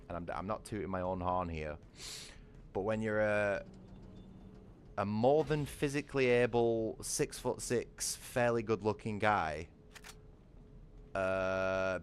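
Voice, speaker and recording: A low-voiced British man talks loosely while he plays a game on stream. He rambles and swears freely, leaning on filler questions to the chat. A faint hum sits under his voice. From Britain. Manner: rambling, heavy swearing, frequent "you know what I mean". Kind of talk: casual livestream chat while gaming.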